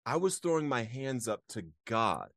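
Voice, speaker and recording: Speaking at a normal speed in a mid-range voice, a man shares a personal story as an interview guest. The recording is dry and studio quality. His tone is earnest and emotional, broken up by frequent laughter, and he livens up when reliving moments.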